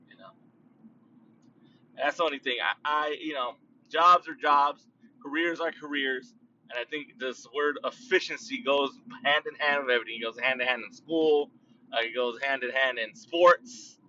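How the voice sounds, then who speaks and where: Rambling podcast host, bright distant sound. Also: male voice, mid-range voice, muffled recording, slight background noise. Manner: loose, drawn-out speech with many fillers and restarts. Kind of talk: casual rambling monologue.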